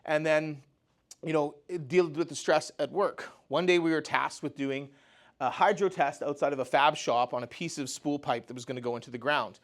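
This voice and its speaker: A man's voice: a little high, moderate pace. Conversational man telling a personal story. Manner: conversational, often says "you know" and "right?". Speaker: speaker at a mental health talk.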